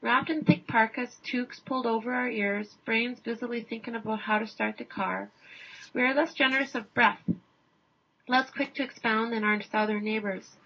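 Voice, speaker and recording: Woman narrator for a wry personal essay; husky, slightly high, muffled lo-fi sound. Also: steady tone, moderate pace. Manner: dry, wry understatement. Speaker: essay reader. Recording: dull lo-fi recording.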